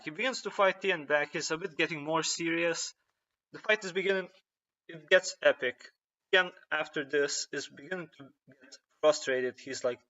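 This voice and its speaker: A young man rambles through a casual story recap, pausing often to find his words. His voice sits a bit high and sounds bright and forceful. The recording is dull and lo-fi. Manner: rambling, hesitant, many "uh" and restarts. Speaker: fan retelling a story.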